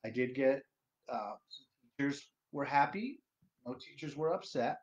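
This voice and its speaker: A man hosting a casual solo livestream, loud and profane, rambling to his viewers. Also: medium pitch, animated, measured pace. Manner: loud, profane, rambling, sings along to music. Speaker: livestream host. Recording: dull lo-fi stream audio.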